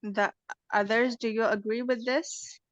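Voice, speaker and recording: A woman's voice: fairly high pitch, steady tone, measured pace, no room sound. A woman teaching English intonation in an online class, explaining patiently and checking in with "okay?" as she goes. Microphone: online call. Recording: slightly lo-fi call audio.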